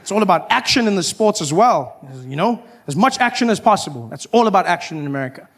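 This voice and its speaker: Animated high-voiced male stand-up comic. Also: quick pace, slight background noise. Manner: animated, acts out officials with sudden shouted high voices. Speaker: stand-up comedian. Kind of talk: stand-up comedy routine.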